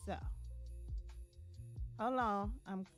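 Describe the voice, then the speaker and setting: A woman's voice: fairly even intonation, extremely slow, soft background music. A woman hosting a casual live stream, chatting with viewers and reading their comments aloud, speaking. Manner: chatty, reads viewer comments aloud, drops to a low voice at times. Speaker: livestream host. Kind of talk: casual livestream chat with viewers.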